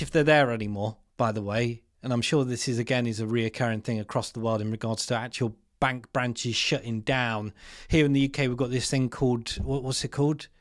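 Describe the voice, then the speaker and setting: A man's voice: medium pitch, dry recording, clean studio sound. A man, hosting an opinionated commentary with exasperated, sarcastic asides and slangy remarks. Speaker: commentary channel host.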